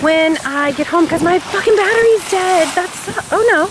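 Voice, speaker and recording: A woman vlogging outdoors on a beach with a handheld camera, gushing and gasping with excitement as she talks. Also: very high-pitched, normal speed. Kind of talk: casual vlog narration. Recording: loud wind noise outdoors. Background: wind and water.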